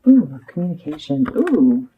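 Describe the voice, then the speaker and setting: A woman's voice: deep voice, very animated, unhurried, narrow, tinny audio, a little hiss or hum. A woman giving a casual, rambling tarot reading to camera, chatty and easily sidetracked, with many fillers. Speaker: tarot reader. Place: home room with her dog.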